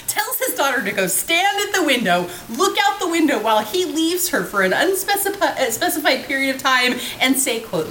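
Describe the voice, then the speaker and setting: A woman around forty co-hosting a film podcast, ranting in an animated way and laughing often. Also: high-pitched, normal speed, echoey room, slight background noise, low-quality recording. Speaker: podcast co-host. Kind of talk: casual film-review chat.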